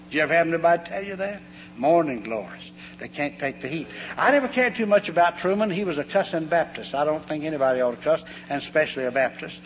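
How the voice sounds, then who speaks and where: A man's voice: on the high side, fast. Folksy preacher man in a hall. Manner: homespun, animated, acts out voices in anecdotes. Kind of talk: folksy storytelling sermon. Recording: long hall reverb, faint hum.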